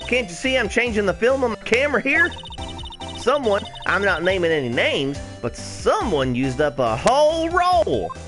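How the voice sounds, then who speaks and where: A man's voice: sits high, very animated, normal speed. A man putting on a feisty Southern woman with a drawl. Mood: defensive. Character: brash loud Southern woman photographer. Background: background music.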